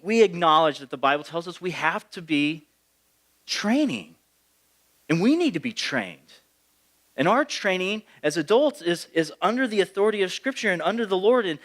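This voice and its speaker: A man's voice: high-pitched, a bit bright. A man, the pastor, preaching a sermon in a conversational way, with asides and playful impressions of parents.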